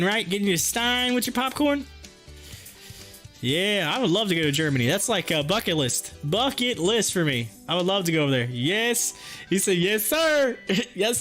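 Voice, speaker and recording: A man hosting a casual livestream, reading chat and talking in an excited, chatty, folksy way, a bit hoarse. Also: high voice. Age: adult with kids. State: hoarse, losing his voice.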